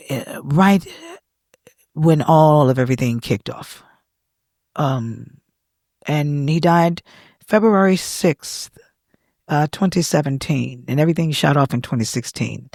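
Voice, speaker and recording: A woman, a gospel singer and pastor, talking as a podcast guest in an earnest, confiding way with soft chuckles, in a studio. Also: low voice, animated, unhurried, long pauses, dry recording. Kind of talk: candid emotional storytelling.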